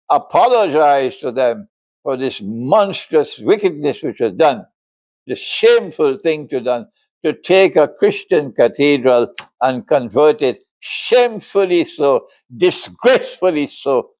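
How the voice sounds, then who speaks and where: Older man giving a slow, emphatic lecture. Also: mid-range voice, darkish tone, no echo. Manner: emphatic, laughs often while speaking. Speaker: Islamic scholar and lecturer. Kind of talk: religious lecture.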